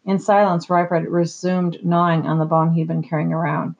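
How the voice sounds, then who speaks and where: An audiobook narrator reading a story aloud in a steady, measured way. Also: mid-range voice, gravelly, dull audio.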